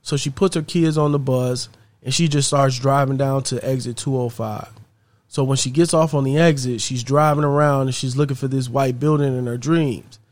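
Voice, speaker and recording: A man's voice: mid-range voice, steady tone, normal speed, a little mellow, no room sound. A man casually telling a story, conversational and repetitive in phrasing. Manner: conversational, repeats "she's like".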